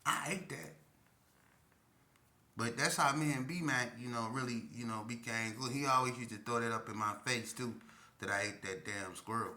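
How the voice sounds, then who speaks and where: An animated man tells a story in casual, slangy talk, jumping into other people's voices as he goes. His tone is bright and forceful, and there is a roomy echo around him. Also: medium pitch, moderate pace. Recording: echoey room.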